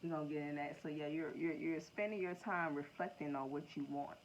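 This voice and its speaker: Gravelly woman giving a slangy tarot reading. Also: low voice, a little fast. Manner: slangy, profane, excitable, laughs often. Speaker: tarot reader. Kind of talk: casual tarot reading to camera. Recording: dull lo-fi sound with faint noise.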